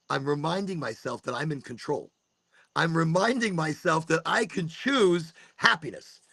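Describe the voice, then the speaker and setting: Gravelly, animated man musing aloud. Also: mid-range voice, no echo. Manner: animated, swears, acts out his own inner talk. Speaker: podcast host. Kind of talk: casual monologue.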